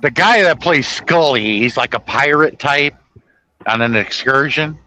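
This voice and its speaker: A man's voice: mid-range voice, measured pace, sharp tone, poor audio. A man hosting a casual chat, retelling movie scenes in a rambling, self-correcting way. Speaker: host. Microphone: podcast microphone.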